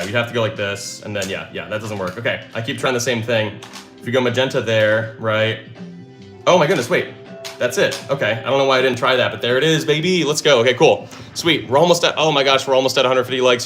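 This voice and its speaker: A man's voice: mid-range voice, fairly bright tone. A man hosting a live stream, thinking aloud as he works through puzzles and cheering when he solves them. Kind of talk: excited live stream chatter.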